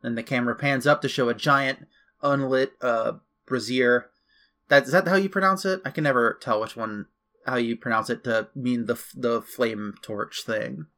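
A man's voice: mid-range voice, normal speed, fairly bright tone. A man casually recapping a video game story, chatty with loose asides. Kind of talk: casual chat.

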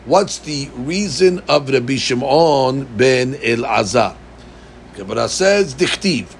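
A man's voice: mid-range voice, animated, takes it slowly, creaky, slight background noise. A man teaching a Talmud class. He reads the text in a chanting lilt, then explains it plainly and puts questions to his students. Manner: addresses students directly with questions.

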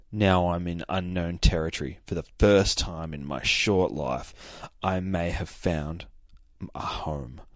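Guy reading out a brooding young antihero's thoughts, low and quiet and slow, a dry close sound with no room in it. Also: no echo.

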